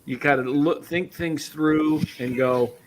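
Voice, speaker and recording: A man's voice: on the high side, fairly even intonation, slow pace, crowd noise, poor audio. A man co-hosting a casual post-game chat, adding wry, teasing commentary. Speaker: show co-host.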